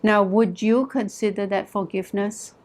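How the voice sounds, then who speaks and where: A woman therapist recounting a story about a client in an earnest, measured way. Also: medium pitch, fairly even intonation, a little mellow.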